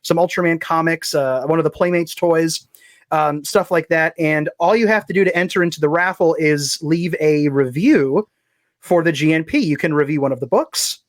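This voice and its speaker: A man's voice: on the high side, normal speed, no echo, clean studio sound. A man chatting casually as a podcast guest, rambling and self-deprecating as he plugs his writing. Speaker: guest, fiction writer.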